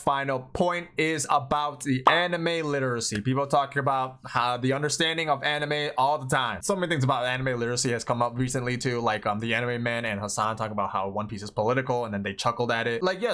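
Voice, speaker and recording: A young man from Thailand, a native Thai speaker, giving casual, animated opinions in a vlog, exasperated and chatty with lots of "like" and "bro". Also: mid-range voice. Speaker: anime commentary vlogger.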